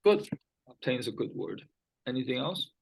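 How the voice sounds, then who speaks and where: A man's voice: medium pitch, animated, normal speed, vocal fry, slightly rough, rough recording. A man tutoring English one-on-one, patiently repeating key words and often checking whether his student understands. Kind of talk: one-on-one vocabulary lesson.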